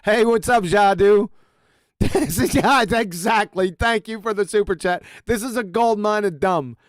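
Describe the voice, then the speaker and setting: A man with a high, smooth voice runs a livestream, reacting to a played clip with crude, mocking commentary. He speaks close to a dry microphone and breaks into loud, profane outbursts. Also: measured pace, no room sound. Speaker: livestream host.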